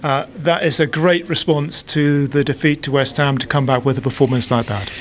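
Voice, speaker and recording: Reporter, male, fairly high voice, direct and conversational, lo-fi radio. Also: fairly even intonation, moderate pace, fairly bright tone. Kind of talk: post-match interviewing. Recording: lo-fi radio broadcast.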